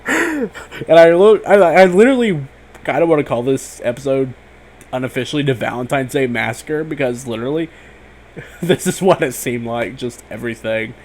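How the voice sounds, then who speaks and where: A man giving a casual, rambling spoken review of a TV episode, excitable and swearing often, full of fillers. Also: medium pitch, normal speed.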